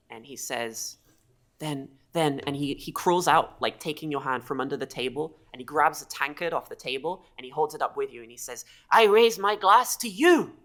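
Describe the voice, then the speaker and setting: Low-voiced woman running a tabletop game. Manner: halting, lots of fillers and restarts. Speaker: game master.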